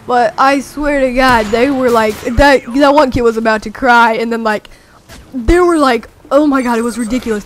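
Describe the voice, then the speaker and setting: High-voiced rambling young teen storyteller. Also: a little hiss or hum. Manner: rambling, many fillers, excitable. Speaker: gameplay commentator. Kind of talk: casual storytelling over gameplay.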